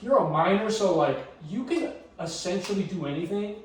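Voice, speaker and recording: High-voiced young man, profane and animated. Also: moderate pace, a loud crowd. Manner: animated, profane storytelling full of "like" and "dude". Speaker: podcast co-host. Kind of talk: casual group chat. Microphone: phone camera across the room. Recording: echoey room, phone mic from far off.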